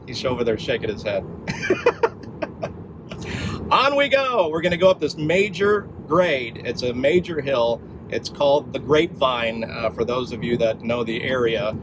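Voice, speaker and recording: A man's voice: medium pitch, lively intonation, moderate pace, few pauses, background noise. Chatty middle-aged man vlogging from his car. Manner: chatty and upbeat, many fillers. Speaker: vlog host. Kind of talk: casual travel vlog. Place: in and around a car at a charging station.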